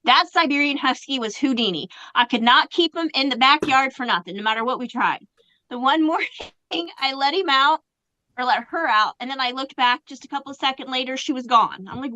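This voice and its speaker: A woman in her forties on a video call, telling a home story in an animated way and acting out what people said. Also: high-pitched, a little fast, rough recording. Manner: animated storyteller, acts out quotes. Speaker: livestream guest. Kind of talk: casual storytelling.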